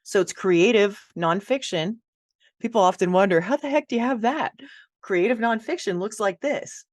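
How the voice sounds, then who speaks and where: Lively woman guest, dry close mic. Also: medium pitch, moderate pace, dry recording. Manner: animated storyteller, laughs easily. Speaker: ghostwriter guest. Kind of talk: casual interview chat.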